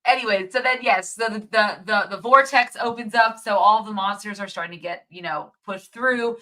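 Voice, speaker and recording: A woman co-hosting a relaxed movie chat, walking through the story with lively enthusiasm and easy laughter. Her voice is bright and forward, sitting in a mid range. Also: medium pitch, normal speed, a little hiss or hum. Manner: retells the plot in a lively, chatty way with frequent laughs. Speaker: co-host reviewing a movie. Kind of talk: casual chat.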